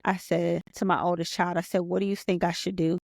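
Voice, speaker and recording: A woman in her forties, a podcast guest, telling a personal story in an earnest, animated way, often repeating herself and restarting sentences. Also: on the low side, fairly quick, creaky, dry recording. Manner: earnest and animated, reliving events aloud.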